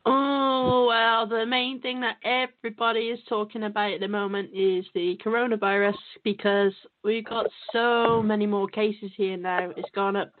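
A woman calling into a talk show, answering politely and quickly. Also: medium pitch, fairly even intonation, no echo. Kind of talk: casual chat. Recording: dry, tinny phone line.

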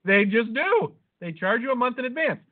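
A man with a high voice tells a rambling, profanity-laced story in casual podcast chat. He sounds tinny and narrow, as if heard over a phone line. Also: animated, normal speed. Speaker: podcast host.

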